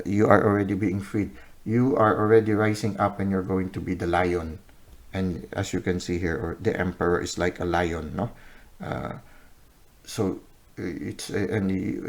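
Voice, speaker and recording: Male tarot reader, very low voice, unhurried and halting, tags lines with "no?". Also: darkish tone. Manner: unhurried, many "uh" pauses, often ends with "no?" or "okay?". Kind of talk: unscripted tarot reading to camera.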